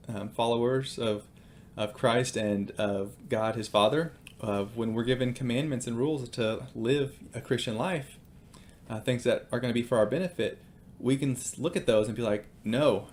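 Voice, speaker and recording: A man's voice: mid-range voice, a little hiss or hum. A man and father giving casual devotional teaching with personal stories, hesitant and full of ums and uhs.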